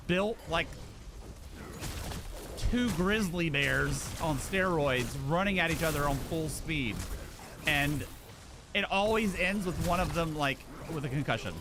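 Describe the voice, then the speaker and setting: High-voiced young guy rambling casually. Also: background noise. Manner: rambling, laid-back, full of "like" and "dude". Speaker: game streamer. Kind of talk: casual chat while gaming.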